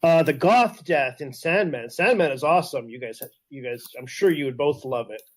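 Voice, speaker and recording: A man's voice: a little high, expressive, normal speed. A Canadian man co-hosting a casual podcast, explaining things in an enthusiastic, rambling way full of fillers. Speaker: podcast co-host. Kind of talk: casual chat.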